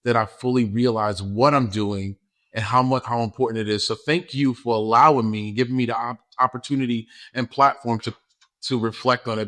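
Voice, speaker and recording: Earnest New man, mid-pitched. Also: fairly bright tone. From New York. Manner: earnest, repeats words, gets emotional. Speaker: school principal, guest. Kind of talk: casual interview talk.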